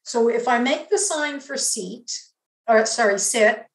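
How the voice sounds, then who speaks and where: A woman giving an academic linguistics lecture in a measured, explanatory way, pausing to demonstrate examples. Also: on the high side, roomy sound, poor audio.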